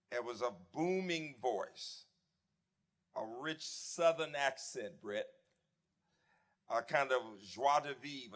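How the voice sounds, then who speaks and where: A man in his seventies, a former dean, giving a reflective memorial tribute and reminiscing warmly with some restarts. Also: medium pitch, creaky. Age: 70s. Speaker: eulogy speaker, former dean. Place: memorial service.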